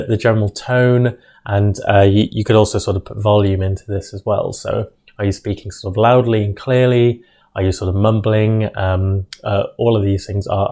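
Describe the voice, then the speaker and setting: A young man explains interview skills straight to camera, his voice low and mellow. He pauses with frequent ums and trips over repeated words as he goes, gesturing with his hands while he talks. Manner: hesitant, many ums and restarts; uses hand gestures while speaking. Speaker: medical school interview tutor. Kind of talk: instructional talk to camera.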